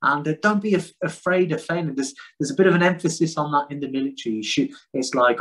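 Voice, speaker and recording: A man's voice: mid-range voice, fairly quick, few pauses, low-quality recording. A man, talking frankly and at length as a podcast guest, rambling and self-deprecating. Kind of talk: casual conversation.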